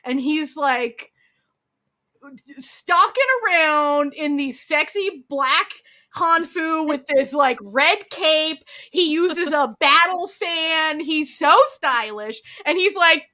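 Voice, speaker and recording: Bright, high-voiced woman recapping a drama. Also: takes it slowly. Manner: animated storyteller acting out quotes, swears, many "like"s. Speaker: podcast co-host. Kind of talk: casual chat recapping a drama.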